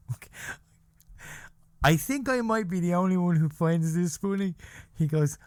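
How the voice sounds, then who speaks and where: A man hosting a podcast, telling a story about a coworker in a rambling, halting way and often laughing at his own tale. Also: a little high, sing-song, a little mellow, dry recording, studio quality. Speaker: podcast host. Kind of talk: casual storytelling monologue.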